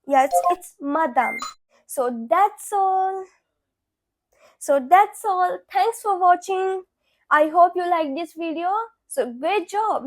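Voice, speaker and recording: A young woman teaches beginner French at a very slow, careful pace, saying every phrase twice. Her voice sits very high. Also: noisy background. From India. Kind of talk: beginner language lesson.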